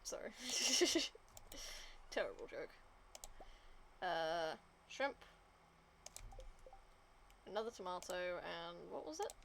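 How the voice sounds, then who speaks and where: A woman's voice: on the low side, lively intonation, takes it slowly, vocal fry, long pauses, a little hiss or hum. A young adult woman streamer chatting casually over her game, muttering to herself and now and then whispering a swear under her breath. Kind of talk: casual gameplay commentary.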